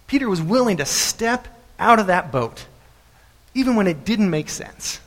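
A man preaching a sermon, telling the story in an animated way and repeating phrases for emphasis. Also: sits high, normal speed. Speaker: pastor. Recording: echoey hall.

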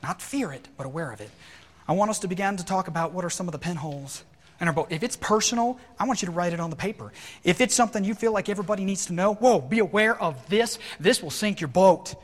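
A man preaching a sermon to his congregation, animated and acting out worried inner voices. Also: sits high, racing, big-room sound. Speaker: pastor.

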